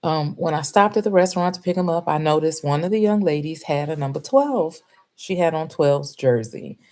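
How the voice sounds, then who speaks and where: A middle-aged woman, telling a story in casual chat to her live audience, animated and laughing often. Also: deep voice, normal speed. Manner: animated, laughs often, acts out quoted voices.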